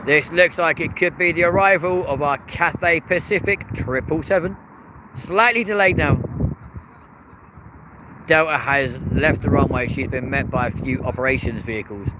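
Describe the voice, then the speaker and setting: A man's voice: a little high, moderate pace. Chatty man streaming plane-spotting. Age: early 30s. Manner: chatty, excitable, greets chat viewers by name. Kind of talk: live commentary and chat with viewers. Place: outdoors near a busy airport and street. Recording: outdoor stream with loud traffic and urban noise.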